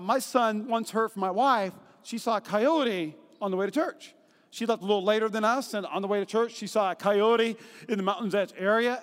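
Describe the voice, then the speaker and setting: A man preaching a sermon as pastor, telling stories with animated, acted-out voices and humor. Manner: animated storytelling, acts out quotes in high voices. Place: church auditorium. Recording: long hall reverb.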